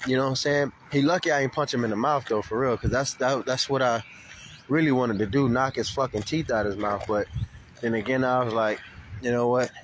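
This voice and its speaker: A man's voice: medium pitch, a little fast, a little hiss or hum. Profane, rambling man vlogging an update. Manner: profane, animated storytelling. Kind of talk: casual rambling video update. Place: Florida.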